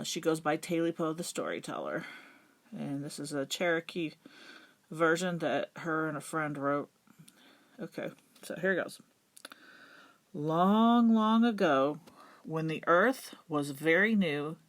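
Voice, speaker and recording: A woman reading a folk tale aloud to children in a gentle, unhurried storybook manner. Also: on the low side.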